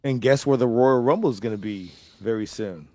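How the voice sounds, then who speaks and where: A man co-hosting a casual chat, excitable and profane, laughing easily. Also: mid-range voice, a little fast, no echo, clean studio sound. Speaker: co-host.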